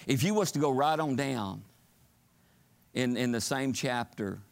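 A man's voice: medium pitch, a little slow, vocal fry. A man preaching a fervent sermon, asking the congregation for call-and-response amens. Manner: fervent, shouting climaxes, call-and-response asides.

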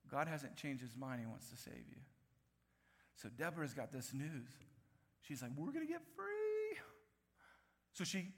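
A man preaching a sermon as pastor, animated, acting out the voices he quotes and dropping from loud bursts to hushed lines. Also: fairly high pitch. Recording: reverberant hall.

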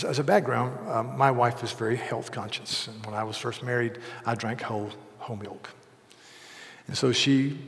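Man in his 60s, pastor delivering a sermon, humorous self-deprecating storyteller with hushed asides and loud peaks, mid-pitched voice, long reverb of a church hall.

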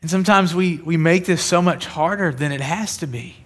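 A pastor with a slightly raised pitch preaches a sermon. He tells everyday stories in a relaxed, chatty way. He leans into his points with emphatic preaching. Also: normal speed. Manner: conversational storytelling, rising to emphatic preaching.

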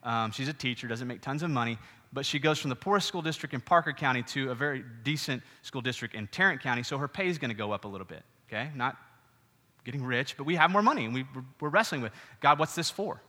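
A middle-aged man giving a sermon as pastor, conversational and animated, with frequent asides to the congregation. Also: mid-range voice, quick pace. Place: church hall. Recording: reverberant church hall.

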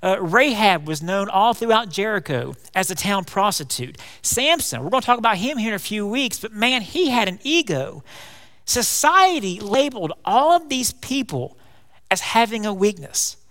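A man preaching a folksy, animated sermon, calling his congregation y'all. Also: high-pitched, moderate pace. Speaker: pastor. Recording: long hall reverb.

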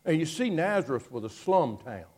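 A man preaching a sermon, telling the story dramatically and moving between hushed passages and loud ones. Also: on the high side, big pitch swings, moderate pace.

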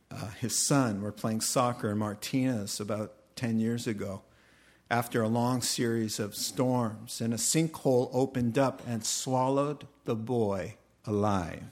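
A middle-aged pastor delivers a sermon at an unhurried, deliberate pace, his voice sitting at an ordinary male pitch. He tells stories earnestly and slips into the voices of the people he quotes. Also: a little mellow. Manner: earnest storytelling with quoted dialogue.

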